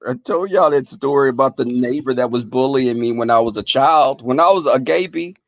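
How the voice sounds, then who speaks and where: A man hosting a live stream, casually telling stories to his chat in a profane, animated way, often breaking into laughter. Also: mid-range voice, a little fast, dry recording.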